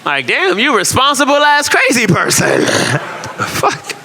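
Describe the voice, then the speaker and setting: A man performing a stand-up comedy set, telling profane stories loosely and animatedly, breaking into loud shouted character voices. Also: extremely high pitch, takes it slowly, gravelly. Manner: animated, loose, profane storytelling with frequent laughs.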